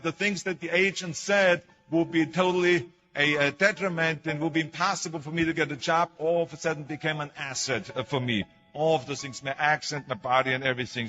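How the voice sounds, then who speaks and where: An older Austrian man, German his native tongue, delivers an emphatic motivational talk packed with stories and acted-out quotes, as a public speaker would. His voice sits on the high side, pushed and bright, and the recording sounds muffled.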